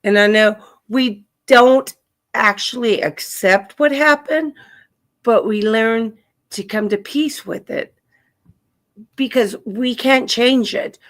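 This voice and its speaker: This livestream host has a somewhat high voice and takes her time. With tender earnestness she soothes a caller grieving as a widow, using words like honey and sweetheart.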